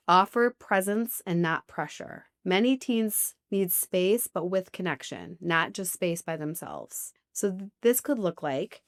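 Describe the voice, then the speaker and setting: A woman therapist giving calm, measured advice, setting out her points one by one in a steady way. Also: on the low side.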